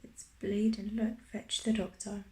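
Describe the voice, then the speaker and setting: A woman's voice: mid-range voice, level tone, unhurried, dark tone, lightly acted. A woman voicing an overly polite foreign boy of about eleven in whispered role-play, formal and courtly. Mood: amazed. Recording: roomy echo.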